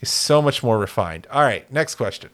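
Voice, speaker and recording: A man's voice: mid-range voice, lively intonation, moderate pace, a bit bright. A man co-hosting a casual sports podcast, rambling and joking with lots of fillers and restarts. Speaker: podcast co-host.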